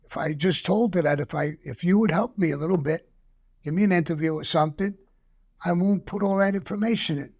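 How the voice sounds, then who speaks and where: An older man, a guest telling a story casually, profane and animated, acting out the quoted voices. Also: sits high, fairly quick.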